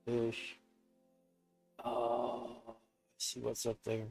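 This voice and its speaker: A man's voice: extremely high pitch, sing-song, very slow, vocal fry, darkish tone, breathy edge, faint music behind. A man streaming a game alone, narrating casually in a subdued, downbeat mutter to himself. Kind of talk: casual gameplay commentary.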